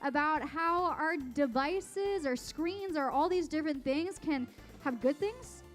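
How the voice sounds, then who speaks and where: A young adult woman on staff hosting a junior high youth service on stage, bubbly and playful, a little out of breath. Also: a little slow, soft background music. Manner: bubbly, playful, talks straight to the crowd.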